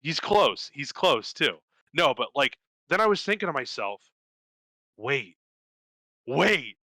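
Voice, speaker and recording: A young man co-hosting a podcast tells a casual story with heavy swearing and quick character impressions, his tone bright and forceful and his manner animated. The mid-range voice has a sing-song quality, recorded close and dry with no echo and poor audio.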